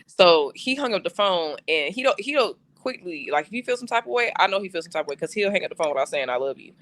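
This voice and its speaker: Guy on a podcast, bright sharp voice, slangy and swearing a lot, just chatting. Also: high-pitched, quick pace. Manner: animated storytelling with heavy slang and swearing. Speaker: podcast co-host. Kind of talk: casual podcast chat.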